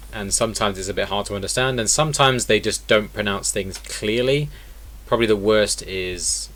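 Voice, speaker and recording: A man's voice: on the low side, fairly bright tone. A man teaching an online lesson in a casual way, explaining step by step and repeating example words. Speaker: accent teacher.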